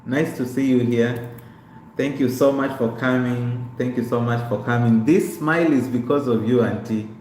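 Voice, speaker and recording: A young man chats casually on a live stream, greeting viewers by name and repeating himself as he talks through his life story. His voice is medium-pitched and darkish, with fairly even intonation at normal speed, in an echoey room with faint background noise.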